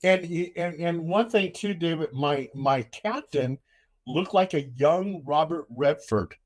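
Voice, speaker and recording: An older man hosting a casual chat, telling a story with animation and loudly acting out the lines he quotes. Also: fairly high pitch, measured pace.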